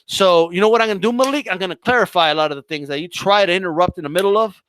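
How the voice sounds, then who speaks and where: A man hosting a boxing livestream, talking in a loud, mocking, hyped way and swearing freely. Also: high-pitched, very fast, a little hiss or hum. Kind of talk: casual livestream rant.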